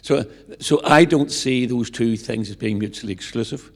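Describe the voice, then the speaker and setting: A man's voice: medium pitch, moderate pace. A man, speaking up from the audience in an earnest, rambling way with many restarts. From Northern Ireland. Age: 70s. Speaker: audience member. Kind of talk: public Q&A remarks. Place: large lecture hall. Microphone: handheld audience microphone. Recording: long reverb of a lecture hall.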